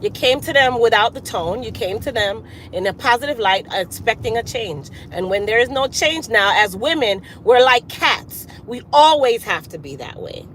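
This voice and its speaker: Woman vlogger, casual but emphatic, sermon-like advice to viewers, a touch high-pitched, faint background hiss. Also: lively intonation, moderate pace, hardly any pauses, a bit bright, poor audio. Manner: preachy, emphatic, talks straight to her audience. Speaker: hair care business owner and vlogger. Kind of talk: casual motivational talk to viewers.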